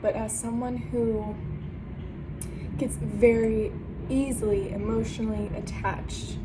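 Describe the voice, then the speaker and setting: A woman's voice: on the high side, level tone, slow pace, pauses often, background noise. A young woman talking to camera about books in a chatty, dramatic, self-mocking way. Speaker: book vlogger. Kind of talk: casual vlog to camera. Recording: background music under voice. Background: music.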